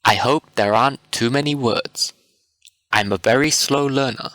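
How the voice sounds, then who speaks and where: A man reading the part of a slow-witted, humble baker in a worried, humble manner, in a storybook reading. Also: medium pitch, fairly bright tone, no room sound, natural voice.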